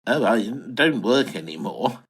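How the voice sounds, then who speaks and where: An actor playing a bumbling, posh English retiree, flustered and hesitant in a comic audio drama. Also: male voice, mid-range voice, very animated, measured pace, fairly bright tone, breathy edge, exaggerated voice. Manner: flustered, posh, hesitant, wildly swooping delivery. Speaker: lead character and narrator.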